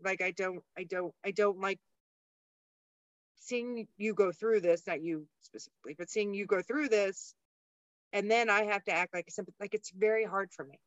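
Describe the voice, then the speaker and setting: A woman's voice: medium pitch, moderate pace, dry recording. A woman co-hosting a podcast in casual chat, talking frankly and thinking aloud, swearing freely. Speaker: podcast co-host. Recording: dull lo-fi dry sound.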